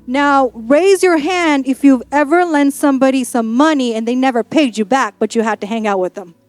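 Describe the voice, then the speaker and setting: A woman's voice: high voice, moderate pace, a little mellow, no room sound, soft background music. A woman pastor preaching a sermon in a church, in a playful, conversational way with acted-out asides.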